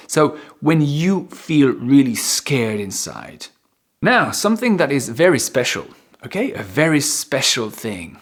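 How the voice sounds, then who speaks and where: A male English teacher walks through vocabulary at an unhurried pace. His pitch swoops lively up and down as he stretches and repeats key words. The delivery is playful and expressive. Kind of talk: vocabulary lesson.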